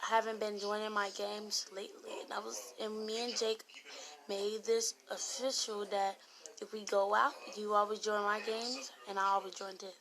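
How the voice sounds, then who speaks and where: A woman telling a casual story about an online game in a rambling way, getting louder when she quotes other people. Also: medium pitch, level tone, moderate pace. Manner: rambling retelling with raised voice when quoting others.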